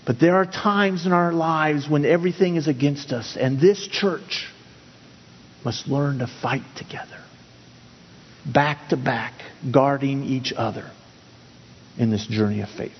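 A man's voice: medium pitch, a little hiss or hum. A middle-aged man pastor preaching a sermon and telling a personal story, earnest, with many restarts and repeated words. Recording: dull, with long hall reverb.

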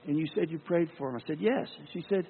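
A lay preacher gives a sermon built around a personal story, acting out its dialogue with earnest feeling. His voice is a little high and his pace quick. The recording sounds tinny and phone-like, with long hall reverb and mains hum.

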